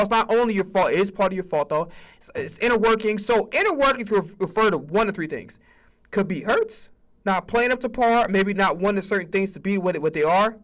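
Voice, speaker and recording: A man hosting a stream, ranting casually about sports with profanity and acting out mock conversations. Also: high voice. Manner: animated, profane, acts out mock dialogue. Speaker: streamer host.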